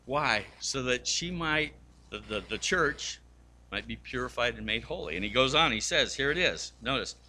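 A man preaches with a very bright, forceful voice, at an ordinary pitch. He tells stories as he goes and briefly acts out the people in them. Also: animated, moderate pace, slight background noise. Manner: storytelling, acts out quoted voices. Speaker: pastor. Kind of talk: sermon.

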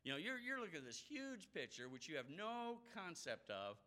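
A man voicing a patient male deity who reasons with and gently presses his listener. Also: fairly high pitch, wildly swooping pitch, normal speed, pitched above the performer's own voice, full character voice. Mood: coaxing.

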